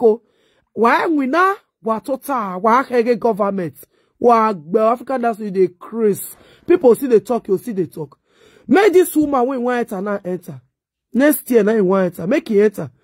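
A woman's voice: fairly high pitch, a little mellow, dry recording. Woman, Nigerian accent, middle-aged, scolding rant, dry close sound. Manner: scolding, insulting, mocking. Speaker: vlogger. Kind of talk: ranting monologue.

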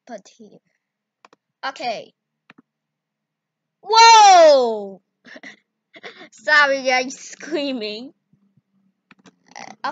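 A woman talking through a video editing tutorial in broken English, bursting into excited exclamations. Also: high-pitched, a little hiss or hum. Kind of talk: casual screen-recorded tutorial. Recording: dull lo-fi recording.

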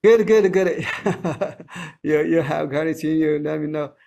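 A man whose first language is Chinese teaches pronunciation in a relaxed one-on-one session. He speaks slowly with a slightly high, gravelly voice. He halts often and repeats words as he models each sound. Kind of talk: casual one-on-one lesson.

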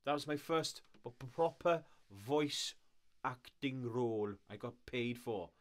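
A man's voice: medium pitch, animated, slow. A man who works as a voice actor, chatting casually on a live stream, rambling and laughing often.

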